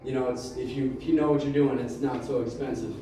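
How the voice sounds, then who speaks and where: A man doing a rambling stand-up set, telling a loose, halting story full of "like" and restarts. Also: medium pitch, fairly even intonation. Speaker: stand-up comedian. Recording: roomy, distant mic with faint room noise.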